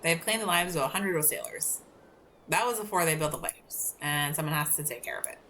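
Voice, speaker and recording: Woman doing a Scottish lighthouse keeper, old man, gruff, suspicious, grumbling, low voice. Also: a little fast, bright, forceful tone, a little hiss or hum. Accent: put-on Scottish. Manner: grumbling, shooing strangers off.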